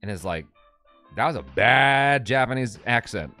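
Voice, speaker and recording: A man co-hosting a casual movie-review live stream, talking in an animated, goofy way. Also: medium pitch, a little slow, faint music behind. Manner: animated and goofy, laughs often. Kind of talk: casual chat.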